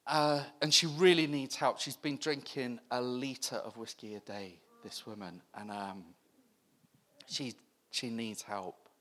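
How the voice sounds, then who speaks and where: A man with a British accent preaching a sermon, impassioned, swinging between near-shouts and hushed whispers. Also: mid-range voice, fairly even intonation, a little slow.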